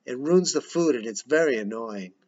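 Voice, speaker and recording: A man's voice: mid-range voice, animated, normal speed, a little mellow, lightly acted. A man voicing a tired, dry-humored mother. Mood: weary. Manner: dry, exasperated. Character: weary wry mother, tired of the family. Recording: dull lo-fi recording.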